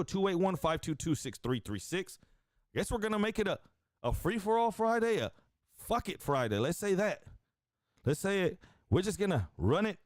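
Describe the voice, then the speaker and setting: A man hosting a casual streamed show, talking excitably and crudely straight to his viewers. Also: high-pitched, no echo, studio quality. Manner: excitable, profane, addresses viewers directly. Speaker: stream host.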